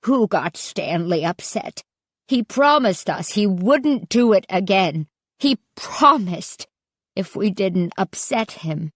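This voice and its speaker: Woman voicing a frail old grandfather, fearful, slow, dry close sound. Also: mid-range voice, animated, no echo. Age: older. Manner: worried, fearful.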